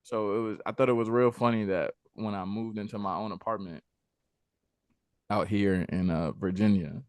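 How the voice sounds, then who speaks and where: A man's voice: lowish voice, steady tone, normal speed, clear, resonant tone, dry recording. Laid-back man reminiscing, dry sound. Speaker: podcast co-host. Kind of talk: casual chat.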